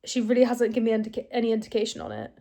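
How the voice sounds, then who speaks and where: A woman's voice: a little high, sing-song, racing, vocal fry, warm tone. A young woman chatting casually about a book she is reading in her home kitchen, amused and sarcastic. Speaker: book vlogger.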